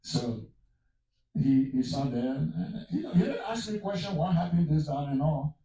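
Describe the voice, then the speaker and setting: A man's voice: on the high side, animated, normal speed, dark tone, heavy reverb, distant mic, rough recording. A man from Africa telling a personal testimony as a sermon, mixing storytelling with exclamations of praise. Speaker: preacher.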